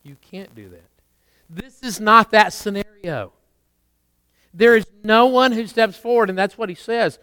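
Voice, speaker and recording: A man delivering a sermon in a high, smooth, resonant voice. He swells into emphatic declarations and then drops low and quick for conversational asides. The sound is close and dry. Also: bright, forceful tone, dry recording. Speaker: pastor.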